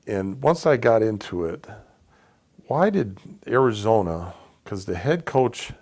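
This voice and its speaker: A man tells his own life story casually and conversationally, acting out the voices of the people in it. His voice is fairly low, creaky, and a little mellow.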